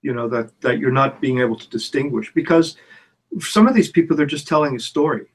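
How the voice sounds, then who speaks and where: Halting middle-aged man in casual chat. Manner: halting, repeats words, lively swings in pitch. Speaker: songwriter and producer.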